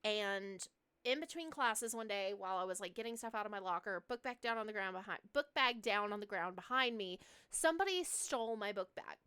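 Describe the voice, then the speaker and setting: A young woman with a bright, clear voice chats her way through a horror game stream. She rambles through a personal story, leaning on fillers and dropping curse words freely. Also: medium pitch, animated, brisk. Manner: chatty, swears freely, many fillers. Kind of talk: casual storytelling while playing a horror game.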